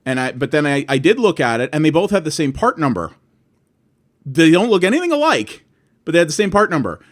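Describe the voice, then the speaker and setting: Fed-up canadian guy ranting bout bad service, kinda high voice, cursing, plays out both ends of his phone calls. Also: sing-song, a little fast. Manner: exasperated, swearing, acts out both sides of phone calls. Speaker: vlogger. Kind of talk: ranting monologue.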